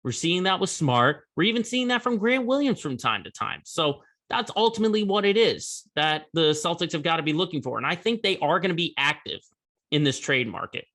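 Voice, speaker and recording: Bright-voiced opinionated sports podcast host. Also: male voice, a little high, big pitch swings, fairly quick. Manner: opinionated, conversational, with emphatic rising bursts. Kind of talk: solo sports commentary.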